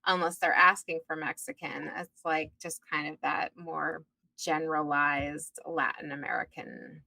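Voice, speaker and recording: Woman host chatting, lowish voice, dry close mic, chatty and keen. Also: fairly even intonation, measured pace, vocal fry, bright, forceful tone, no room sound, rough recording. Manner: chatty and enthusiastic. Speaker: casting director host. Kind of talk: casual podcast chat.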